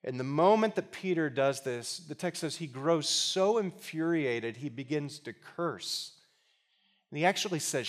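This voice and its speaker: A man's voice: on the high side, animated, unhurried. Conversational, emphatic male preacher. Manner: conversational and emphatic with humor, shifting into quiet earnest appeals. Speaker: pastor. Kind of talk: sermon.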